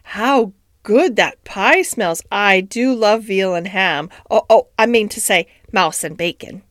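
A woman's voice: mid-range voice, slow, no echo, studio quality, close to an everyday voice. A woman voicing a greedy, anxious and genteel female dog in a storybook reading, fussy and flustered in her politeness.

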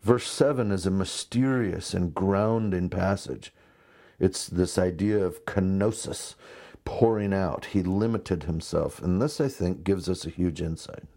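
A man in his thirties preaching a conversational sermon, telling stories with lively asides. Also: sits low, unhurried. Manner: conversational, animated storytelling with asides. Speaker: pastor.

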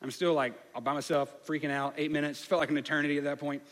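A man's voice: a little high, flat delivery, fast talker, fairly bright tone. A man with a slight lisp, telling a personal story in a sermon in a candid way with many fillers. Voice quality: slight lisp on some words. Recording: long hall reverb.

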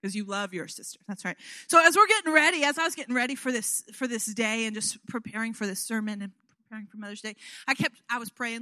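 A woman in her thirties delivers a sermon built on warm-hearted stories about her children. Her voice is bright and pitched a touch high. She talks in a chatty, animated way, often turning to the listeners with "you know what?" The sound is close and dry. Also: fast, no echo. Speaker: guest preacher.

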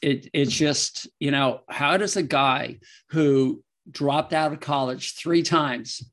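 A man's voice: a little high, slow pace, a bit bright. A man, a veterinarian and author, answering interview questions casually with rambling, emotional anecdotes and frequent laughter.

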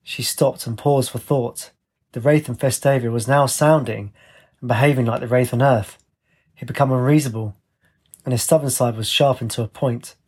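A man reading a fantasy audiobook in a measured, descriptive way. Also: mid-range voice, steady tone, darkish tone, husky. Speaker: narrator. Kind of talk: audiobook narration.

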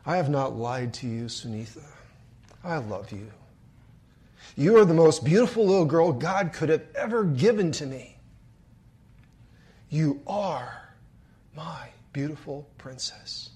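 A man voicing a loving father who comforts his daughter, first soft and slow, then firm. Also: a little high, very animated. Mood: tender.

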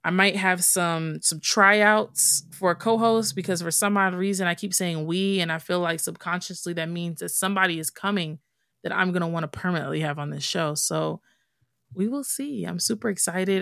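On her solo podcast, a young woman talks in a chatty, open way, like she's confiding in a friend. She has a lowish, creaky, slightly bright voice, captured at studio quality without any echo.

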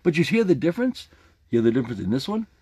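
Over music, a man with a fairly high, sing-song voice talks fast as he hosts his own podcast. Casual and playful, he demonstrates a jaw harp while sharing a motivational message, in the manner of a vlog.

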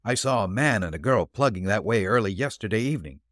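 A gruff middle-aged countryman, as a male narrator plays him, talking in a plain, folksy way. His voice rises and falls a lot. The recording is dry and close. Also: fairly low pitch, expressive, quick pace, fairly bright tone, no echo.

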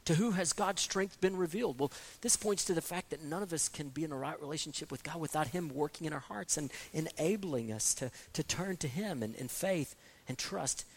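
Pastor, man, expository sermon; earnest delivery with stumbling restarts, builds to forceful emphasis, voice a touch high. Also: brisk, breathy edge. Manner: earnest, repeats words when restarting, rises to emphatic peaks.

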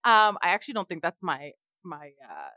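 A woman's voice: on the low side, huge pitch swings, moderate pace, pushed and bright, no room sound, clean studio sound. A young woman co-hosting a teacher podcast in casual chat, laughing often and saying "like" a lot.

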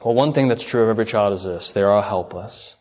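A man's voice: on the low side, quick pace, a little mellow. Emphatic male preacher, muffled sound. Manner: emphatic, repeats key phrases, asks the listeners questions. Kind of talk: sermon.

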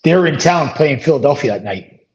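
A middle-aged man, a former hockey player, telling stories as an interview guest, relaxed and rambling with many fillers and restarts. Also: a little high, moderate pace. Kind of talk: casual storytelling interview. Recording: dull lo-fi audio.

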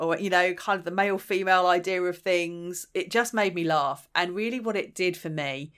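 A woman's voice: fairly low pitch, a bit bright. A woman giving a chatty, reflective solo talk as a parenting practitioner, thinking aloud and acting out quoted lines.

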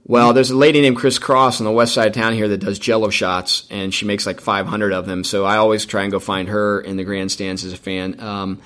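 Middle-aged male guest, low register, fast rambling storyteller, casual interview. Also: little pitch movement, a bit bright. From Indiana, United States. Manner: rambling, many restarts and fillers. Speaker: racetrack president, guest.

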